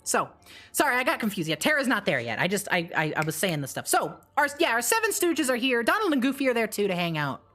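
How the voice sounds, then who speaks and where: A woman streamer casually retelling a story, animated and swearing, with quick asides and restarts. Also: fairly high pitch.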